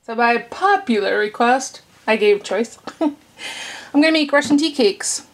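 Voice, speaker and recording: A woman's voice: a little high, animated, measured pace. A woman chatting casually in a home vlog, rambling on and cooing baby talk at her dogs. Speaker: vlogger. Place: home living room and kitchen.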